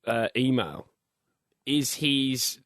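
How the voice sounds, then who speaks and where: A man's voice: mid-range voice, gravelly, a bit bright, no room sound, studio quality. A man co-hosting a casual comedy podcast, reading out a listener's email with lots of ums and restarts. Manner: halting, full of ums and restarts.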